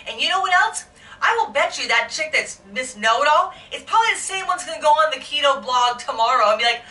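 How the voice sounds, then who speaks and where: Woman vlogger, high bright voice, heated emotional rant, echoey room, mic a bit distant. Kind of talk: angry unedited vlog rant.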